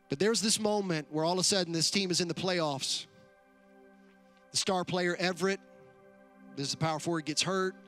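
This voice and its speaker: A man's voice: on the high side, pushed and bright. A man preaching a live sermon as pastor, acting out quoted lines and building to passionate altar calls. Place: church auditorium.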